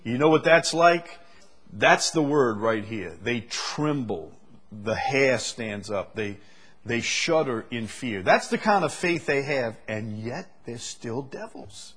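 A man's voice: mid-range voice, lively intonation, slow, a bit bright, slightly rough. A man preaching a sermon, reading scripture aloud and building to emphatic, rising delivery.

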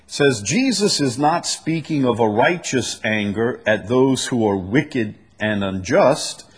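A man preaching an expository sermon, reading scripture slowly and deliberately, then booming for emphasis and dropping low. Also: lively intonation, slightly rough. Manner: reads verses slowly and deliberately. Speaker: pastor.

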